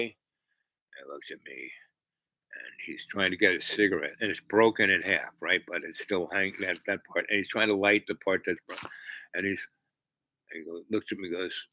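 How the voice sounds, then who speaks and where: A man's voice: sits low, normal speed, sharp tone, dry recording, rough recording. A man hosting a livestream, telling a meandering story to his chat with many fillers and restarts. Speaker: livestream host.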